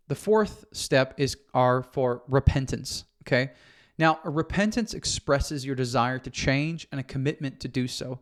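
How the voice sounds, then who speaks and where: A man's voice: medium pitch, a little slow. A man hosting an advice podcast for husbands, explaining step by step in a coaching tone and checking in with "okay?". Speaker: podcast host. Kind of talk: instructional podcast talk.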